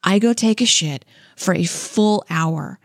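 A woman's voice: fairly low pitch, takes it slowly, no echo, studio quality. A young woman, a stand-up comic and co-host, telling stories casually. She acts out what people said and laughs often. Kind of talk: casual storytelling.

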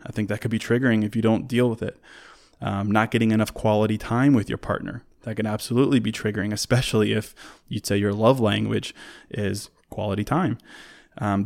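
A man's voice: on the low side, vocal fry. A man hosting a solo relationship advice talk, conversational and earnest, who repeats words as he restarts and works through a list of points.

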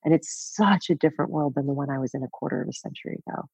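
A woman in her fifties, a podcast guest telling a personal story candidly, with a breathy voice, laughing often and swearing casually. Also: low voice, racing, a little mellow, dry recording. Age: 50s. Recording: dull, dry podcast audio.

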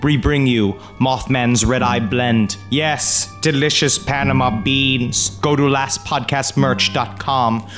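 A man reading a scripted coffee advertisement in a smooth promotional voice. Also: medium pitch, fairly even intonation, takes it slowly, hardly any pauses, a bit bright, soft background music. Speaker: ad announcer.

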